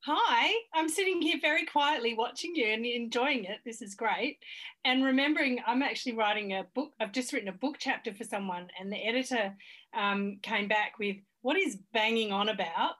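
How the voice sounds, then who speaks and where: A woman's voice: on the high side, normal speed, a bit bright. A woman in her forties with an Australian accent, a guest on a podcast interview, telling stories frankly and with emphasis. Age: 40s. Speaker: fertility coach guest.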